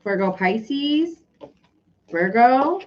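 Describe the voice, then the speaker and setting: A woman's voice: a little high, drawn-out words, dull audio. A woman giving a casual, chatty tarot reading, talking loosely and laughing often. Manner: chatty, giggly, animated. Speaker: tarot reader.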